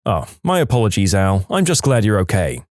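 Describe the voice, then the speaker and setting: A man's voice: on the low side, very animated, a little fast, darkish tone, no echo, studio quality, pitched below the performer's own voice. A man voicing a polite, apologetic man on a phone call.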